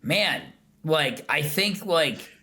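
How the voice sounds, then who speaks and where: A man's voice: a little high, animated, extremely slow, sharp tone. A man hosting a podcast in casual chat, rambling with lots of filler words. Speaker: podcast host.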